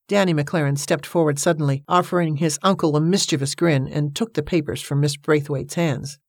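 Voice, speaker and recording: A woman narrating a novel aloud in a measured, even storytelling manner. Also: low voice, no room sound, clean studio sound. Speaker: audiobook narrator. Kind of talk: scripted narration.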